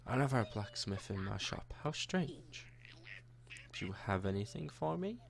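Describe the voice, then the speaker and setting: A man's voice: fairly low pitch, sing-song, moderate pace, vocal fry. A young man narrating his own gameplay in a chatty, jokey way, talking to the characters he meets. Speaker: gaming YouTuber. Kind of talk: let's-play commentary.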